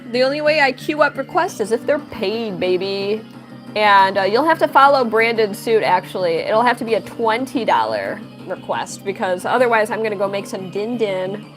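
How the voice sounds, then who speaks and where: A young woman chatting playfully with viewers as she draws on a live stream, answering questions and teasing her chat. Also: mid-range voice. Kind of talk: casual live-stream chat while drawing.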